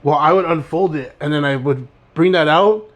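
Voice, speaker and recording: A man's voice: on the high side, normal speed, fairly bright tone. Laid-back young man telling stories. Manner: laid-back, rambling, laughs through his stories. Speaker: podcast co-host. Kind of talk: casual storytelling chat.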